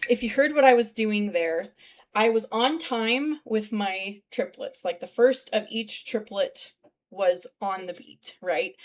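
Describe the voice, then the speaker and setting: A woman's voice: medium pitch, poor audio. Woman clarinet teacher explaining rhythm. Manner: sings rhythms aloud to demonstrate. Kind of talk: casual music lesson.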